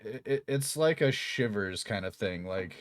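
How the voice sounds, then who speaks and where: A man chatting casually on his stream, explaining things slowly with many fillers and restarts. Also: fairly low pitch, expressive, no room sound.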